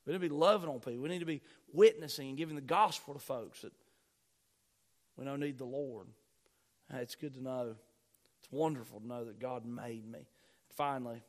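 A pastor preaching a sermon, reading scripture aloud and repeating key phrases with rising emphasis. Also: male voice, mid-range voice.

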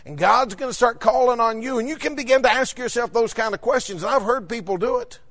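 A male preacher with a notably high voice for a man. He delivers his sermon fervently, weaving in personal stories and lifting into shouts when he drives a point home. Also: brisk.

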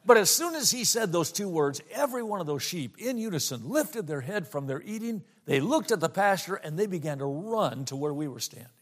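A middle-aged man preaching, telling a personal story and slowing down to stress scripture lines. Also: high voice, a bit bright. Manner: storytelling, slows down for emphasis on scripture. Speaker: pastor.

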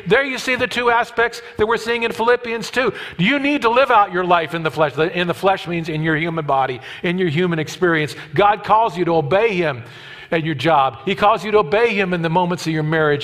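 A man in his fifties preaching a sermon, emphatic and repetitive, swinging from loud declarations to hushed asides. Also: high voice. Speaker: pastor.

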